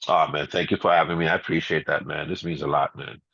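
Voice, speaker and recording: A middle-aged man, a guest DJ, telling stories in a casual interview, laid-back and quick to laugh, full of "you know" and "man". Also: very deep voice, fairly even intonation, creaky, a bit bright, breathy edge, no room sound. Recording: slightly dull, muffled audio.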